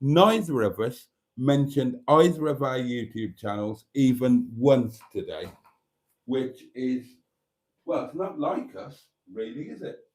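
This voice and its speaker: A man's voice: medium pitch, expressive, unhurried. A man hosting a live stream, chatting casually and reading viewer comments aloud.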